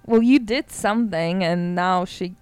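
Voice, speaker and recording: A woman co-hosting a casual podcast, telling stories with lively acted-out voices and sounds. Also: on the low side, measured pace, smooth, dry recording. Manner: animated storytelling, acts out voices and phone sounds. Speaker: podcast co-host. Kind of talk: casual chat.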